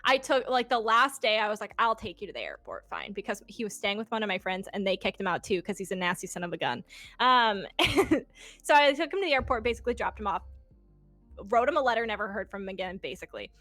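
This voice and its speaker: A woman in her twenties, a guest telling a personal story in casual chat, animated and swearing, laughing often and acting out quotes. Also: mid-range voice, quick pace, no echo, faint music behind. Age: 20s.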